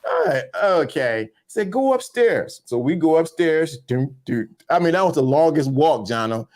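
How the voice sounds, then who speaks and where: Animated storytelling man, lively pitch. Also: moderate pace. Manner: animated storyteller acting out voices. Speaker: podcast co-host. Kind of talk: casual storytelling chat.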